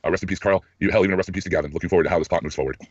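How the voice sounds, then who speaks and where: A man with a hoarse, scratchy throat, co-hosting a casual podcast and reading out listener ratings offhandedly. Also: deep voice, steady tone, no echo. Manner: rapid, offhand reading with small laughs. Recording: muffled lo-fi recording.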